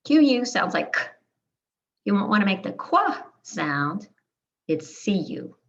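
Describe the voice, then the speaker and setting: Slow, careful woman teaching pronunciation. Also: mid-range voice, sing-song, creaky, lo-fi sound. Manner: models words one by one in deliberate lists. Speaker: Spanish teacher.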